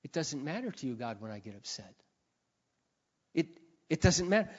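A man preaching a sermon, telling stories with big swings between quiet and shouted passages. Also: mid-range voice, big pitch swings, measured pace, pauses often. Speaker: pastor. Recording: dull sound with long hall reverb.

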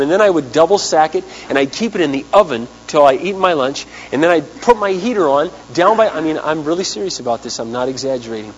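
A man preaching a sermon, telling a story in an animated way and acting out the people he quotes. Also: fairly high pitch, quick pace, few pauses, breathy edge, dull audio. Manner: animated storyteller, acts out quotes, big swings in loudness. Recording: hum with long hall reverb.

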